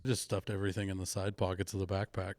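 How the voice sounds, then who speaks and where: Wry young comedian, lowish voice. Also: male voice, little pitch movement, fast, darkish tone, dry recording, studio quality. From Missouri. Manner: laid-back, wry storytelling. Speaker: comedian podcast co-host. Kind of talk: casual comedic chat.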